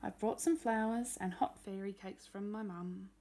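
A woman's voice: medium pitch, steady tone, normal speed, dark tone, lightly acted. A woman voicing a polite, earnest little girl.

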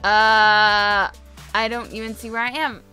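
Excitable high-voiced woman gamer. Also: smooth, soft background music. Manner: excitable, chatty, quick to gasp and exclaim. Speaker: gamer, video host. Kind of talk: casual gameplay commentary.

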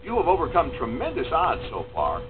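A man voicing an upbeat game show host with a lively, encouraging announcer delivery. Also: fairly high pitch, brisk. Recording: tinny lo-fi game audio with music.

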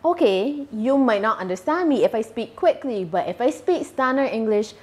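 Barbadian woman, deliberate speech. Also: on the high side, lively intonation, a little mellow. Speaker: YouTuber guest. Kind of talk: casual interview answers.

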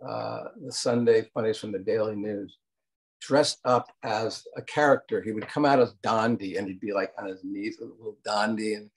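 A man's voice: fairly low pitch, slightly rough. An older man telling casual anecdotes in an interview, rambling with fillers and acting out quotes along the way. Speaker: interview guest, cartoon producer.

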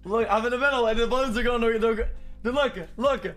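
A male streamer reacting live, excitable and repeating words in quick bursts. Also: very high-pitched, soft background music.

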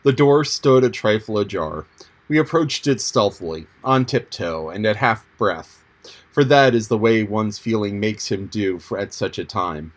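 A man's voice: on the low side, animated, unhurried. Man narrating an audiobook chapter.

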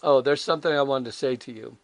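A man's voice: medium pitch, quick pace, no echo. Emphatic older male preacher, dry sound. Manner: emphatic and animated, with frequent rhetorical questions; candid and self-deprecating. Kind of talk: conversational devotional sermon.

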